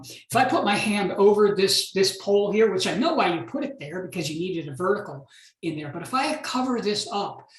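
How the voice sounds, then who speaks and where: A man, an art professor, giving recorded feedback on student photographs in a measured, reflective way with many pauses and restarts. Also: sits high, fairly bright tone, echoey room, low-quality recording.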